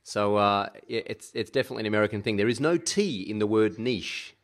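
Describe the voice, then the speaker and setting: A man's voice: lowish voice, lively intonation, fast talker. A man with an Australian accent, hosting an interview with friendly, chatty questions. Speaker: podcast host. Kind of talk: casual interview chat.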